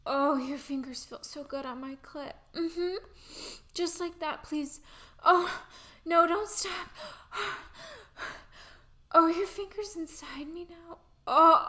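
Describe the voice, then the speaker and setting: A young woman performing an intimate audio role-play, breathy and pleading with soft giggles. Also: sits high.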